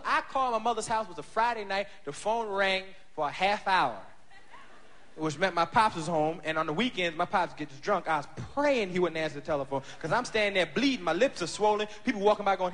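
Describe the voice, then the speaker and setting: A man doing profane, animated stand-up storytelling with lots of voices. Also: sits high, in a large hall, a little hiss or hum. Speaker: stand-up comedian. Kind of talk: stand-up comedy. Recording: live club with crowd.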